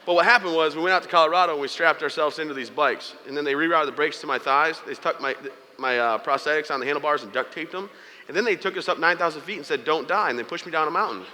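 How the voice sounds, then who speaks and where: A man's voice: fairly high pitch, quick pace, sharp tone, in a large hall. A young man giving a humorous motivational speech, telling stories with playful asides to the audience. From United States. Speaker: keynote speaker.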